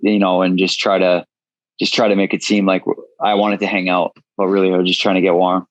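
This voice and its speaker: A man's voice: low voice, monotone, fairly quick, no echo, poor audio. A man in his thirties, a guest in an interview, telling his story frankly and casually, swearing freely. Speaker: guest, entrepreneur.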